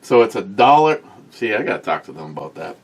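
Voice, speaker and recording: A man's voice: lowish voice, sing-song, fairly quick, husky. A man co-hosting a casual talk show, chatting and joking with a friend. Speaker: co-host. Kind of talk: casual chat.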